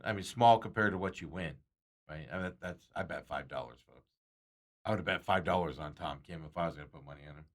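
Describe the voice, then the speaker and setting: A man's voice: on the low side, a bit bright. A man hosting a sports talk show, chatting casually and rambling with frequent chuckles.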